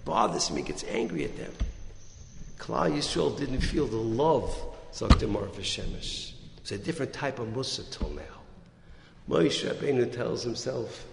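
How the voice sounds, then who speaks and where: Speaking with a creaky, mid-range voice and a measured pace, a rabbi tells a story in his Torah talk, bringing the quoted lines to life as his voice rises and falls. The hall is echoey, with faint noise.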